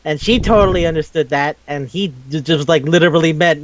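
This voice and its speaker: A man with a fairly high voice, chatting casually as co-host of a podcast. He rambles, gets excited easily and swears freely. The recording sounds dry and a little dull. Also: fairly quick, dry recording. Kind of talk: casual chat.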